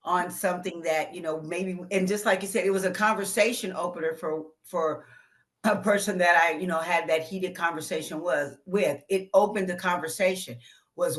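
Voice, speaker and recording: Brief: woman guest sharing a personal story, halting, slightly low pitch. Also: fairly even intonation. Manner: reflective, halting, full of "you know". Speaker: author and filmmaker guest. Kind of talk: casual panel talk.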